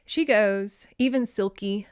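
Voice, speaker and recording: A woman's voice: medium pitch, takes it slowly, clean tone, dry recording, studio quality. A woman hosting a casual book recap, chatting, swearing and laughing as she retells the story. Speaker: host reviewing books.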